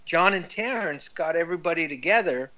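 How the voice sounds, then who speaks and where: A man's voice: fairly high pitch, animated, brisk, sharp tone, highs cut off. A laid-back man in casual chat who keeps saying "dude".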